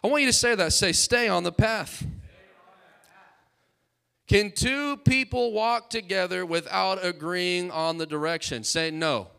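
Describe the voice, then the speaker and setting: A man preaching in church, his voice sitting a little higher than most men's. He delivers his sermon with fervent emphasis, hammering on repeated phrases and calling on the congregation to answer back. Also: normal speed, creaky, hardly any pauses, sharp tone, clean tone. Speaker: pastor.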